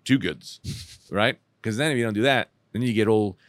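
A man hosting a comedy podcast, rambling and self-mocking, swinging between loud bursts and mutters. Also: on the low side, normal speed, no echo, studio quality. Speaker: podcast host. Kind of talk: casual comedic chat.

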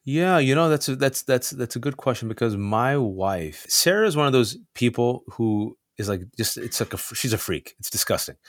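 A man telling a personal story in conversation, animated, acting out other people's lines with big jumps in pitch. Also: normal speed, few pauses, no echo, clean studio sound. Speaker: guest.

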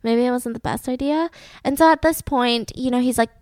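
A woman hosting a podcast, retelling a true-crime case in a chatty, animated way full of fillers at home. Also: a little high, normal speed, dry recording. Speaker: podcast host. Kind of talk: casual true-crime storytelling. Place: home room with her fiance.

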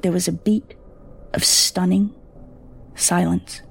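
Slow, gravelly woman narrating horror. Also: fairly low pitch, fairly even intonation, slight background noise.

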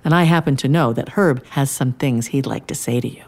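A woman voicing a gentle, wise man in a storybook tale, speaking calmly and coaxingly. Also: very deep voice, brisk. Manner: calm, coaxing. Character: gentle wise male peacemaker.

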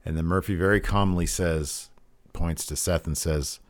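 A man's voice: deep voice, moderate pace, no echo, clean studio sound. A man co-hosting a podcast, telling stories with energy and acting out the lines of the people he quotes. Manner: animated storytelling, mimics people he quotes. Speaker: podcast co-host. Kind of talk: casual recap chat.

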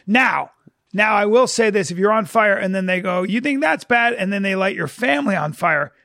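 A man guest-hosting a comedy podcast, talking in a deadpan, argumentative, crude way. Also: high voice, moderate pace, gravelly, no room sound, clean studio sound. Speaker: guest host. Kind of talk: casual comedic podcast banter.

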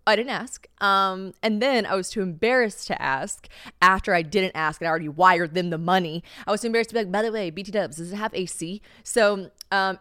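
Recorded cleanly in a studio with no room sound, a young adult woman in Tennessee hosts a podcast in a fairly low, slightly bright, clean voice. Her casual storytelling chat is chatty, profane and self-mocking, and she acts out the voices she quotes.

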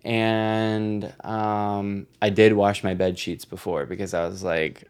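A man with a somewhat low voice chats casually as a podcast co-host. He tells stories with lots of swearing and frequent laughter. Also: flat delivery, takes it slowly, hardly any pauses, smooth. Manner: laughing, profane, storytelling. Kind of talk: casual chat.

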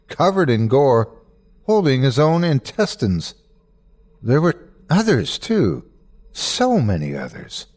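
A man hosting and narrating a dramatic horror story in an expressive, measured way that builds suspense. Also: medium pitch. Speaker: host and narrator.

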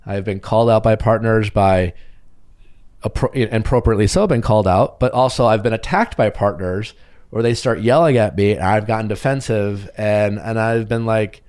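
A male podcast host with a somewhat low voice asks questions and reflects on his own experiences, often restarting his sentences. The sound is close and dry. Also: darkish tone, no echo. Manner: reflective, halting, with fillers. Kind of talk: podcast conversation.

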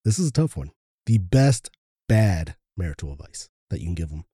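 Mellow, husky podcast co-host man. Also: deep voice, very animated, moderate pace, dry recording, studio quality. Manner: easygoing, reading out listener requests. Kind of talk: casual chat.

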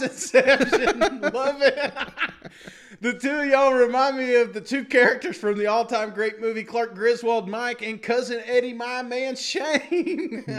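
A man's voice: very high-pitched, a bit bright. A man co-hosting a sports podcast, reading listener reviews aloud with jokey asides and frequent laughter. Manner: jokey, laughs often, mock-dramatic asides. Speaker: podcast co-host.

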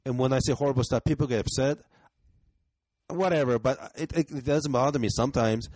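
Male comedian guest, relaxed podcast chat, dry close mic. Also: mid-range voice, brisk, dry recording. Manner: easygoing, frequent agreeing "yeah". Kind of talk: casual chat.

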